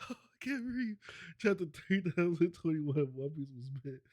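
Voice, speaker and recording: A man chatting on a home stream, laughing almost nonstop as he reacts in loose, slangy banter. His voice sits a touch high for a man and swings widely in pitch. It sounds relaxed and playful. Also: normal speed, no echo, clean studio sound. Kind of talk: casual reaction chat.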